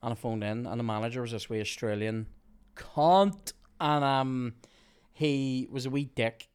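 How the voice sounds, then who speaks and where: A male podcast host spinning a story in casual chat. He talks in an animated way, swears often and breaks into laughs. His voice sits at an ordinary middle pitch for a man. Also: unhurried, clean tone. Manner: animated, sweary anecdote-telling with frequent laughs.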